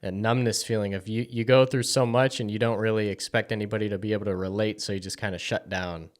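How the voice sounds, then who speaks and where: A man hosting a podcast interview, asking soft, hedging questions with lots of "kinda" and "like". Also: lowish voice, steady tone, fast talker. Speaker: podcast host.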